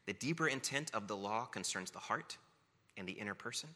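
A man's voice: fairly low pitch, animated, a little fast, pushed and bright, a little hiss or hum. A man preaching a sermon, telling family stories with playful self-mockery before turning to teaching. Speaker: pastor. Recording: long reverb of a large hall.

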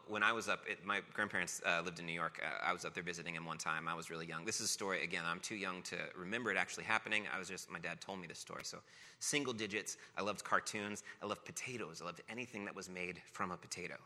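A pastor with a deep, steady voice preaches quickly and with a sharp edge, opening with family stories full of playful self-mockery before moving into his teaching. The long reverb of a large hall surrounds his sermon.

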